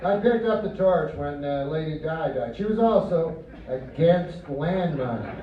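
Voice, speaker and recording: A man doing a stand-up comedy set on a club stage, talking in a deadpan, rambling way with mock-earnest quoted voices. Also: on the high side, unhurried, recorded from a distance. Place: comedy club stage before a live audience. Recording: roomy, muffled club recording from afar. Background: audience laughter and crowd noise.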